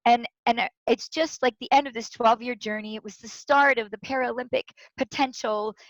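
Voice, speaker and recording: A woman speaker, a guest in an interview, telling a personal story with lively quoted voices. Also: a little high, normal speed, dry recording. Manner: animated, tells stories with quoted voices. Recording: dull lo-fi sound.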